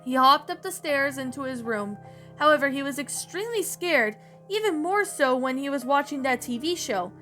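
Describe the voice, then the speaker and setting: A woman reading a creepy story aloud in a plain, slightly halting way. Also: high-pitched, lively intonation, a bit bright, soft background music.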